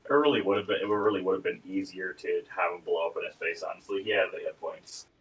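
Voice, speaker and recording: Man, tabletop player, hesitant speech, low pitch. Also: fast, poor audio. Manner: hesitant, many fillers. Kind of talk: tabletop game chat.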